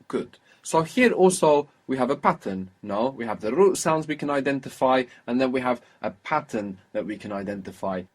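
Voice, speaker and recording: A man's voice: mid-range voice, lively intonation, normal speed, hardly any pauses. A man teaching a language lesson, patiently prompting his student with questions and repeating the answers.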